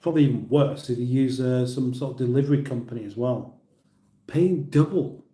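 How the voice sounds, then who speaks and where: Middle-aged British male streamer, casual rambling banter, mellow voice, echoey room. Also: medium pitch, steady tone, fast talker. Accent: British English. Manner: chatty, rambling, laughs at his own jokes. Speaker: livestream host. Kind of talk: casual livestream chat reading comments.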